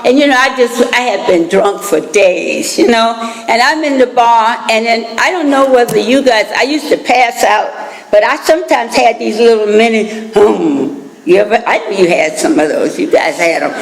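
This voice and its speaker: An older American woman with a fairly high, gravelly voice tells her personal recovery story at a moderate pace in a meeting hall. She's chatty, laughing through her asides, and the hall makes the recording reverberant.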